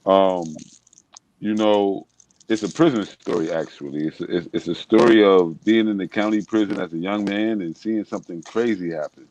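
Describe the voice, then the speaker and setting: A man's voice: low voice, normal speed, darkish tone, low-quality recording. A man in a political discussion telling a personal story, casual and emphatic.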